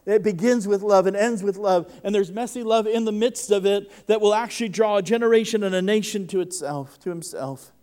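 High-voiced man preaching with fervor. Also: fairly quick, few pauses, mellow, clear, resonant tone. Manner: impassioned, often doubles the first word of a sentence. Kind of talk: sermon. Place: church service before a congregation.

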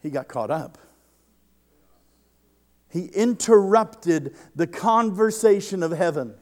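A man's voice: high-pitched, expressive, slow pace. A man preaching a sermon to a congregation, impassioned, often doubling the first word of a sentence as he builds. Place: church service before a congregation.

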